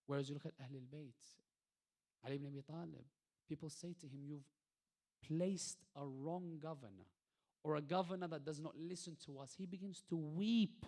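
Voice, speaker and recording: A male lecturer delivering a religious talk, posing rhetorical questions and swinging between soft passages and emphatic peaks. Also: fairly high pitch, normal speed. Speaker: lecturer at an Islamic centre.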